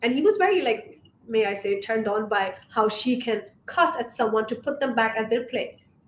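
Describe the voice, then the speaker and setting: Sassy high-voiced woman in an echoey room. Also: lively intonation, moderate pace. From Asia. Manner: sassy, emphatic, swears freely. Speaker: spiritual femininity coach. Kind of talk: casual vlog monologue. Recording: roomy echo, faint background hiss.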